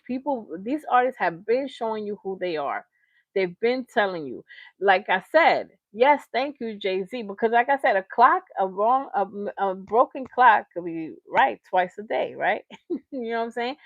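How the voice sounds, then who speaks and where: A woman's voice: mid-range voice, no echo, dull audio. A woman hosting a livestream reaction show, ranting in heated, slangy, emphatic commentary.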